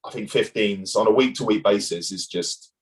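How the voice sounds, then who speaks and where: A man's voice: fairly low pitch, normal speed, rough recording. Laid-back man swapping sporting stories. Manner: laid-back storytelling, swears freely. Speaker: guest, former rugby player. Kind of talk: casual chat.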